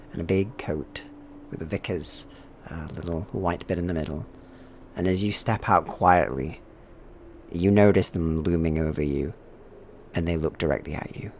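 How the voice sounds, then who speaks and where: A man narrating a horror tabletop game as game master, with slow, atmospheric description. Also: low voice, slight background noise.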